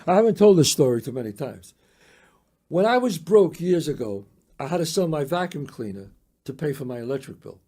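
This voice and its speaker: An older man from the Bronx, telling a story as a podcast guest in a lively, profane way, acting out the other people's voices. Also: a little high, a little fast. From the Bronx, New York. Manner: animated, profane, acts out the voices in his story. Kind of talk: casual storytelling.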